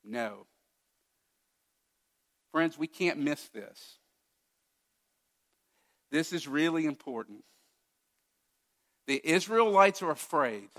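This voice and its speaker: A male pastor preaching a sermon with emphatic delivery, swinging from loud declarations to hushed asides. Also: on the high side, expressive, takes it slowly, long pauses.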